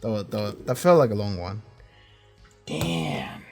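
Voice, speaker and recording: A man with a hoarse, cracking voice hosting a casual reaction review, rambling and swearing freely. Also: on the low side, very animated, measured pace, soft background music. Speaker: reaction video host.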